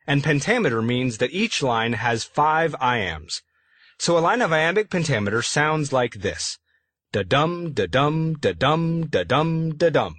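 A man reading his own afterword for an audiobook in a measured, explanatory way. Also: medium pitch, a bit bright, dry recording. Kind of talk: read-aloud audiobook afterword.

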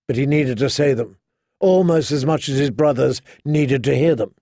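A man narrating an audiobook in a measured, dramatic storytelling manner on a close studio mic. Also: medium pitch, warm tone, no room sound. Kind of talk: scripted narration.

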